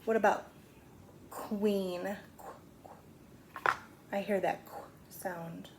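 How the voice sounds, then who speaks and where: Slow, patient woman teaching phonics. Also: mid-range voice, steady tone, noisy background. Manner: slow, patient, sounds out words. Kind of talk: phonics lesson for young children.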